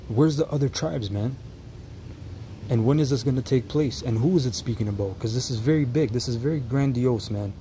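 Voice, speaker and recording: Man, mellow dark voice, reaction commentary, reads scripture slowly, restarts sentences, faint background hiss. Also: mid-range voice, rough recording.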